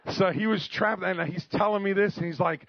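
A middle-aged man preaching, telling a story in an animated, joking way and calling for amens. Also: sits high, brisk, no room sound, dull audio. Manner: animated, jokey, calls for amens. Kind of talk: storytelling sermon.

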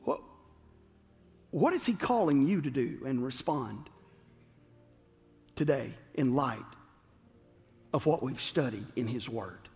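A man preaching a sermon, moving between shouts and hushed, slow moments. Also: medium pitch, soft background music. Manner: animated call-and-response preaching, swings from shouting to hushed. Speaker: pastor. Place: church sanctuary. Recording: long reverb of a large hall.

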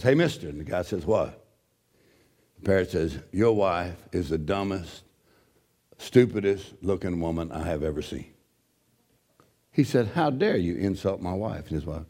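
A middle-aged man preaching a sermon as a pastor, with a gravelly voice, swinging from loud shouting to low joking asides.

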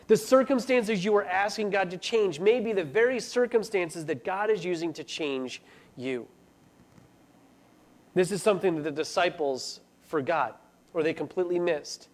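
A man preaching a sermon, earnest and building to urgent pleas. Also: sits high. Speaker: pastor.

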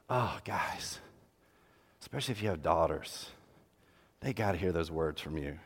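A middle-aged man preaching an earnest sermon to fathers, swinging between loud emphasis and hushed, tender lines. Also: low voice, normal speed. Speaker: pastor. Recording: long hall reverb.

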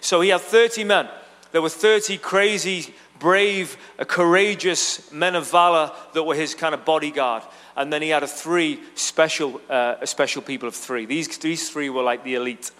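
A man's voice: a little high, normal speed, a bit bright. A man preaching a sermon, telling a story in a casual, chatty way with frequent asides to the congregation. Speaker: pastor. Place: church auditorium. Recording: long reverb of a large hall.

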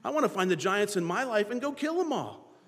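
Animated preaching man in a reverberant hall. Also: sits high, a little fast. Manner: animated preaching, acting out biblical dialogue. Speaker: pastor. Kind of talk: sermon.

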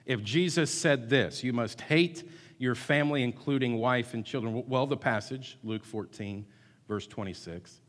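A male pastor delivers a sermon in an emphatic way, repeating his key words and at times urging the congregation to answer him. His voice sits in a middle pitch. The sound carries the long reverb of a church hall. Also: a little slow. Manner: emphatic, builds to loud call-and-response, repeats words. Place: church sanctuary.

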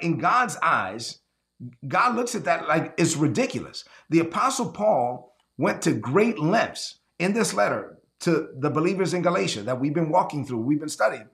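High, gravelly-voiced preaching man. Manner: energetic, conversational preaching with acted-out quotes; repeats words and restarts often. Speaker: pastor. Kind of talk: livestreamed sermon.

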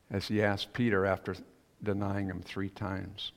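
A man's voice: deep voice, monotone, a little slow, vocal fry. A man preaching a sermon as pastor, telling a story in a conversational, musing way. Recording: long reverb of a church hall.

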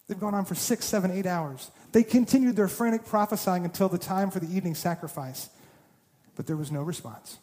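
A man with a high, mellow voice preaches a sermon, retelling the story with lively, acted-out quotes and a bit of humor. His voice carries a long reverb, as though he is in a large church sanctuary. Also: a little fast. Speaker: pastor.

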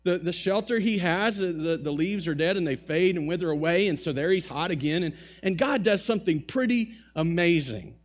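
A man preaching a conversational sermon, with wry asides and lively retellings of the text. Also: sits high, moderate pace, hardly any pauses, highs cut off. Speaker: pastor.

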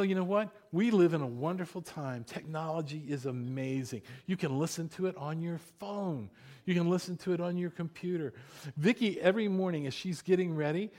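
A pastor with a slightly high voice preaches a sermon conversationally, sometimes dropping to a hushed voice when he retells stories.

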